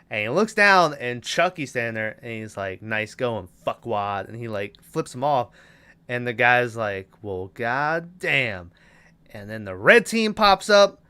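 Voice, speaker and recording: A man's voice: medium pitch, a bit bright, smooth. A man co-hosting a podcast, recapping a movie plot casually, swearing often and giggling. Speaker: podcast co-host.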